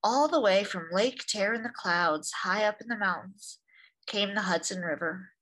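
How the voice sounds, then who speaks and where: Husky-voiced woman reading a children's story. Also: mid-range voice, moderate pace. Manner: gentle, expressive reading with lively voices for sounds. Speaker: storytime host reading a picture book. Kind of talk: read-aloud storytelling for children.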